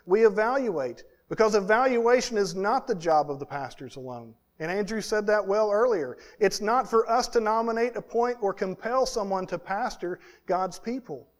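Guy pastor preaching, kinda high voice, earnest, stacks up lists, goes quiet on big points. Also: animated, moderate pace, few pauses. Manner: earnest, building in lists and repetitions. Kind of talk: sermon.

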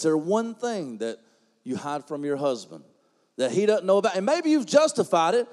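A man preaching a sermon as pastor, folksy and joking, swinging from quiet asides to loud emphatic preaching. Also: high-pitched, very animated, moderate pace, long reverb tail.

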